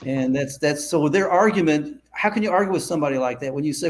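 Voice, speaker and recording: A male guest on a political podcast, laying out his views in a measured, explanatory way. His voice sits a little high. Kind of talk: casual political chat.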